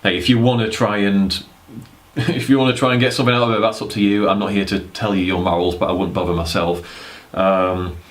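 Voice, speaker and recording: A man's voice: lowish voice, level tone, fairly quick. A young man giving casual dating advice to camera, rambling and blunt, with casual swearing. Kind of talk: casual talking-head advice.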